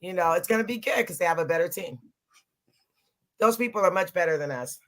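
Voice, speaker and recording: A woman's voice: lowish voice, animated, brisk. A middle-aged woman co-hosting a podcast in casual chat, laughing often and repeating herself for emphasis. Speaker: podcast co-host.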